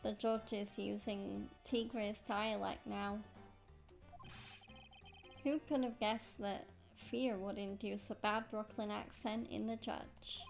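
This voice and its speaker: A woman's voice: medium pitch, little pitch movement, slow, vocal fry, soft background music. A woman voicing a nervous young male defense lawyer with a jittery, wry manner.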